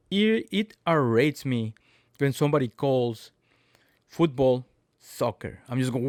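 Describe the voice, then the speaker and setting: A man hosting a podcast, talking in a casual, emphatic monologue with sudden loud outbursts. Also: medium pitch, a little slow, no echo, studio quality. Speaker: podcast host.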